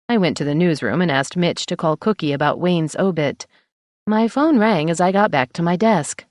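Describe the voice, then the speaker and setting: A woman reading a novel aloud in first person, brisk and wry, as an audiobook narrator. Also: fairly low pitch, darkish tone, no echo, studio quality.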